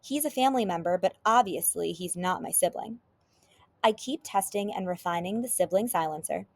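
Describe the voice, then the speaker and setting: A woman teacher reading a children's chapter book aloud with expressive storytelling. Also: medium pitch.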